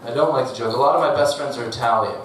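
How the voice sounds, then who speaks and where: Deadpan man doing stand-up in an echoey club. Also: medium pitch, racing. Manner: deadpan delivery with laughing asides. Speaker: stand-up comedian. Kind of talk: stand-up comedy set. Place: comedy club stage. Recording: echoey club from a distant mic, audible noise.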